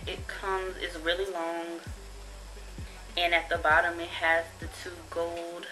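A young woman talks through a haul of jewelry at her own loose pace. She is blunt and profane and keeps gushing over each piece. Clear music plays behind her voice. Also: fairly low pitch, monotone, slow pace, bright, forceful tone, low-quality recording. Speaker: vlogger reviewing a jewelry haul. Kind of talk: casual haul review.

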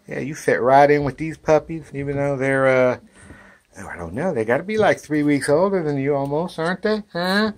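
A man with a medium-pitched, animated voice chats casually at normal speed on an outdoor back porch, talking to the camera as a dog breeder showing puppies. He calls to the puppies in a coaxing, sing-song voice.

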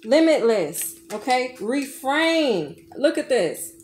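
High-voiced woman giving an emphatic tarot reading. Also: big pitch swings, takes it slowly, roomy sound, slight background noise. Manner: coaxing, emphatic, calls listener baby and honey. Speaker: tarot reader.

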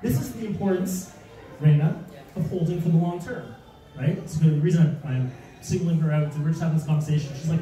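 A man giving an animated real estate seminar with slides, asking the audience rhetorical questions and acting out mock panic. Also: on the high side, brisk. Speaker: real estate investing speaker. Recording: echoey room, distant mic, audience.

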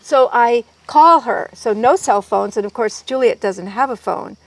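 A woman guest in an interview, telling stories in a lively way and quoting people as she goes. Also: on the high side, unhurried, no echo. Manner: lively storyteller, quoting others in their voices. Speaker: guest herbalist. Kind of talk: storytelling in an interview.

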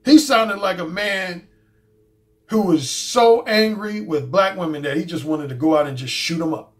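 A dating coach who hosts his own YouTube channel speaks in a high voice at normal speed. His casual commentary monologue is blunt and profane, and he keeps restating his points.

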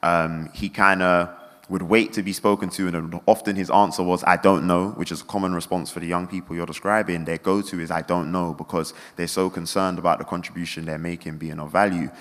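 A man, speaking low and rapidly as a guest at a live event. He tells his story with energy and acts out the quotes. His voice echoes through a large hall. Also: steady tone, fairly bright tone. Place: indoor event venue.

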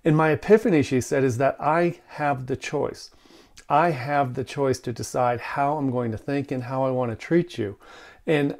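A man hosting a men's relationship video, casually recorded in his workshop and telling a story with animated quoted lines. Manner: animated storyteller, quoting with raised pitch. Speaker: host of a men's relationship channel. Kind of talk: casual talking-head video.

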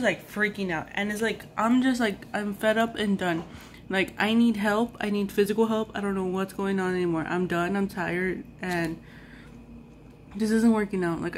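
A woman's voice: mid-range voice, a little hiss or hum. A young adult woman vlogging in a casual, rambling way, exasperated and full of "like". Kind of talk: casual vlog chat.

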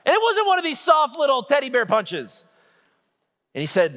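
A man in his thirties, a Catholic priest, preaching a sermon with lively, humorous storytelling. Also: extremely high pitch, normal speed. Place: church. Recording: echoey church hall.

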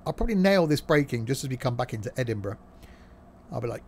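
Guy streaming a train sim, jokey and rambling, lots of uhs, steady middle voice, game rumble loud behind him. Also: fast, gravelly. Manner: rambling, jokey, many "uh" fillers. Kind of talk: live gameplay commentary. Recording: train game sounds under voice.

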